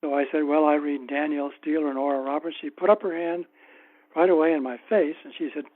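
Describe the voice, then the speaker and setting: A man's voice: fairly high pitch, fairly even intonation. Man telling stories over a tinny line. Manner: anecdotal, unhurried, wry. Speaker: author guest. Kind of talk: casual interview storytelling.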